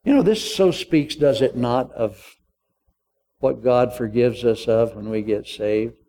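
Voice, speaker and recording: A man's voice: mid-range voice, a little slow, mellow. An older male pastor preaching a sermon, acting out the dialogue of a parable with humor.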